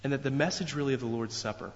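A man's voice: mid-range voice, racing. A man preaching a sermon in an earnest, emphatic way, repeating phrases for weight. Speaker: pastor. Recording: long reverb, dull lo-fi sound.

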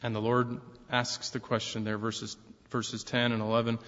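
A man of middle pitch preaches a sermon, pressing his points with rising force and then dropping back to a quieter tone. His voice rings with a long reverb, as if it fills a church, and the recording sounds dull and lo-fi. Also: completely flat delivery, normal speed. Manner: emphatic preaching that swells louder and higher on key points. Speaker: pastor. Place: church sanctuary.

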